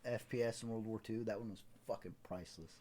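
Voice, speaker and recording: A man co-hosts a casual podcast chat, crude and joking, and acts out voices in his stories. He talks fast in a fairly low, warm voice.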